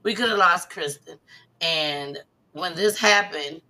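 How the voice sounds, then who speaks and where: Bright-voiced animated woman talk-show host. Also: slow pace. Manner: animated storyteller, bursts into loud high impressions. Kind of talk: casual chat.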